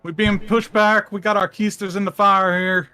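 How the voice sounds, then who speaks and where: A man's voice: on the high side, completely flat delivery, drawn-out words, bright, forceful tone, exaggerated voice. A man voicing a long-winded Southern militia major with a folksy drawl, calling for rescue over a radio. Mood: urgent. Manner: folksy drawl with rambling filler words.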